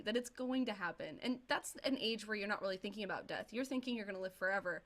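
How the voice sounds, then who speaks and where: A middle-aged woman on a film podcast panel, telling a story in an animated, amused way. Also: mid-range voice. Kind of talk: roundtable film discussion.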